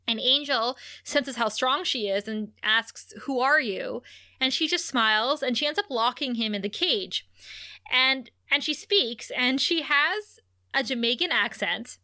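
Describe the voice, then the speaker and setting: A woman's voice: fairly high pitch, a little slow, pushed and bright. A woman co-hosting a podcast, recapping episodes in casual chat and laughing often. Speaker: podcast co-host.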